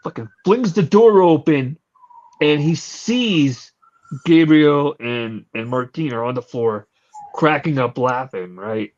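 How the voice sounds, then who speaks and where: A man hosts a casual podcast chat and retells a story with animated energy and casual swearing. His voice sits somewhat high for a man. The recording sounds slightly muffled and lo-fi. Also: slow pace. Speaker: podcast host.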